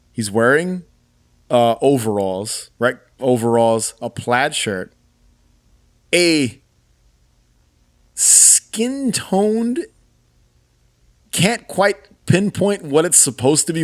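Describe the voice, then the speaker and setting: A man's voice: medium pitch, slow, long pauses. A man in his thirties co-hosting a podcast, chatting casually and telling things with enthusiasm. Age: 30s. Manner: animated, enthusiastic storytelling with laughs. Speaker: podcast co-host. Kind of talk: casual chat.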